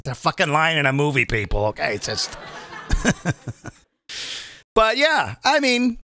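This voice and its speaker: A man's voice: high-pitched, big pitch swings, normal speed, long pauses, bright, forceful tone, dry recording. A male comedian hosting, delivering a profane, combative political rant and often asking the audience to agree. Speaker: comedian host.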